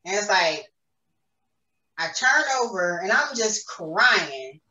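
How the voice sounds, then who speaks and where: A woman's voice: mid-range voice, sing-song, slow pace, pushed and bright. Earnest woman, distant and echoey. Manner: earnest, emotional storytelling. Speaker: podcast guest. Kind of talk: personal faith testimony. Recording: roomy echo, distant mic.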